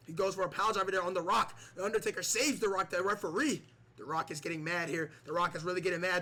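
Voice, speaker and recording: Excitable man doing wrestling play-by-play on a game; high, bright voice. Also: quick pace. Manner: excitable, shouts on big moves, many fillers. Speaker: gameplay commentator. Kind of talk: mock wrestling play-by-play over a video game.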